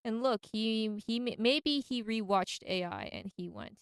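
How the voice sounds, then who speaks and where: A woman's voice: mid-range voice, lively intonation, normal speed, hardly any pauses, smooth, dry recording. A woman hosting a casual radio monologue, enthusiastic and slangy. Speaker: radio host.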